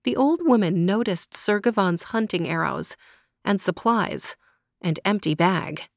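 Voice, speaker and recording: A woman hosting a children's story podcast, narrating a folk tale in a gentle, measured way. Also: mid-range voice, expressive, creaky, dry recording, clean studio sound. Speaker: storyteller host.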